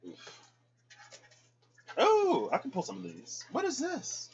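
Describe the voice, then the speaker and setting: Male tarot vlogger, slow-paced, bright and emotional, lo-fi sound. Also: extremely high pitch, huge pitch swings. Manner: emotional, choked up, given to squealing quoted reactions. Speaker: tarot reader. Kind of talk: casual vlog chat.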